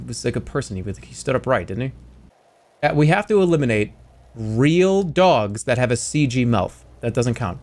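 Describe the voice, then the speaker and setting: A man streaming casually, arguing playfully with his chat. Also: mid-range voice. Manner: argumentative, animated banter with chat. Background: faint music.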